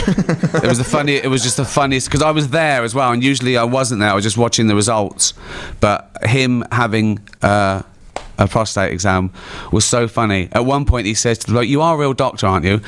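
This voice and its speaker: A middle-aged man with an English accent, telling animated stories as a guest comedian in a casual chat. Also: medium pitch, normal speed, hardly any pauses. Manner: animated, laughing storyteller. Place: town hall stage before an audience.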